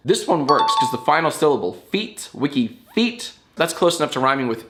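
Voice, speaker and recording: A man hosting his own YouTube show, talking casually to the camera in a playful way, with his pitch jumping up and down as he spells things out. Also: big pitch swings, brisk, fairly bright tone, faint music behind.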